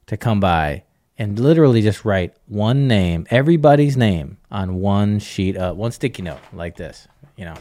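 Lively middle-aged man, low voice. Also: no echo, clean studio sound. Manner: animated, acts out dialogue, chuckles often. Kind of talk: casual podcast conversation.

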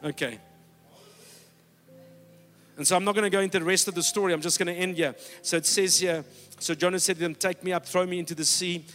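A middle-aged man preaching a sermon, emphatic, swinging from loud exhortation down to low, quiet lines. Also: steady tone, brisk, long pauses, faint music behind. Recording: long hall reverb.

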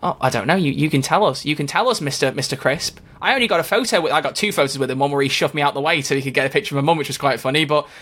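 Bright, fast-talking playful male podcast host. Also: on the high side. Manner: playful, jokey, punning. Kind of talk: casual podcast chat.

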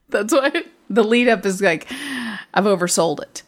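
A woman's voice: mid-range voice, sing-song, slow pace. Blunt woman in her fifties chatting. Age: 50s. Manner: blunt straight talker, laughs often. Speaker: podcast co-host. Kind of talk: casual chat.

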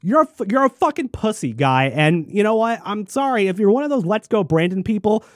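A man's voice: high voice, lively intonation, a little fast, dry recording, studio quality. A man ranting angrily in political commentary, swearing constantly and mocking people in sneering voices. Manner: angry, profane, mocking mimicry.

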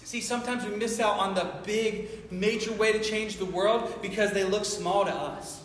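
A man's voice: high voice, steady tone, normal speed, fairly bright tone, slight background noise. A man preaching a sermon, full of impassioned rhetorical questions. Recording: echoey hall from far off.

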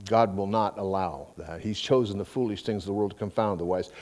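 A man's voice: lowish voice, brisk, a little mellow. A middle-aged male pastor preaching a sermon in a conversational way, with folksy asides and quoted exchanges.

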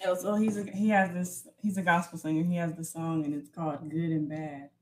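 A woman in a casual faith podcast chat, affirming and animated as she shares a reflection. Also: fairly low pitch, rough recording. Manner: affirming, animated, unhurried storytelling.

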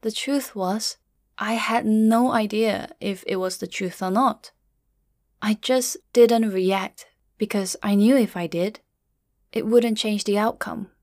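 A middle-aged woman tells a personal story in a quiet, measured voice with a grieving undertone. Her pitch sits in the middle range. The recording is dry and close, with no room sound. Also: steady tone, no room sound. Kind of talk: first-person story narration.

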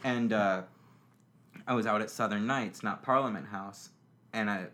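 A man's voice: lowish voice, measured pace, bright, forceful tone. A young man telling stories on a podcast as a guest, rambling, swearing, with lots of fillers. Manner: rambling, profane, many fillers. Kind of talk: casual storytelling chat.

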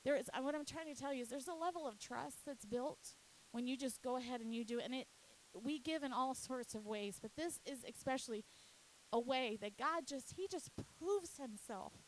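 A woman's voice: high-pitched, moderate pace, a little hiss or hum, rough recording. A woman, a youth pastor, earnestly telling a personal faith testimony, at times emotional. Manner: earnest storytelling, often emotional.

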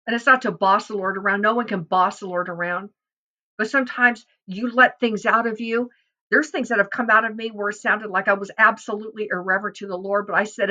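A middle-aged woman gives an earnest devotional Bible teaching in a bright, clear voice. She talks fervently, and her voice climbs with feeling whenever she voices a prayer. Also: medium pitch, fairly even intonation, a little fast, highs cut off. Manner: earnest, fervent, rising and swelling on quoted prayers.

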